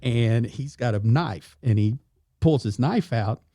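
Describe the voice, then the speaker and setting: A middle-aged man spins a story in a dry, close studio sound. He tells it casually and jumps into the voices of the people in it, lively and animated. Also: medium pitch, slow, no echo. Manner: animated, acts out quoted voices. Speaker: podcast guest, retired police sergeant.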